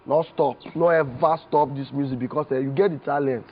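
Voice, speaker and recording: Actor as a jokey Pidgin-speaking flatterer. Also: male voice, mid-range voice, brisk, dull audio, a little hiss or hum, close to an everyday voice. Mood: earnest. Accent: Nigerian Pidgin. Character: fawning playful young male friend. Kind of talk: film drama acting.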